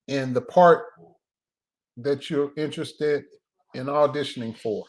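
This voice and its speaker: A man's voice: a little high, a little mellow. Laid-back man chatting live. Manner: loose and joking, breaks into laughter, drawn-out pauses. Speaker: filmmaker and live-stream host. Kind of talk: casual live-stream chat.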